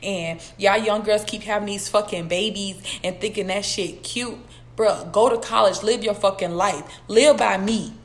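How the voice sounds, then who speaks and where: A young woman, telling a personal story in a casual vlog, blunt, profane and animated as she talks straight to her viewers. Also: medium pitch, moderate pace. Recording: echoey room with faint background noise.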